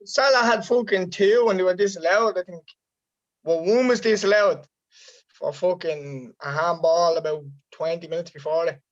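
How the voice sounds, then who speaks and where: A man's voice: sits high, steady tone, normal speed. A man co-hosting a casual football podcast, opinionated and swearing often. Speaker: podcast co-host. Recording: dull lo-fi sound.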